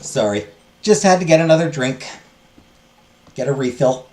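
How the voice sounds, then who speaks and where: A man's voice: mid-range voice, lively intonation, moderate pace, darkish tone. A man hosting a game playthrough, chatting and joking about his own character voices. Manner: chatty, self-mocking, laughs at own voices. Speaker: let's play host. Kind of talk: game playthrough commentary and reading aloud.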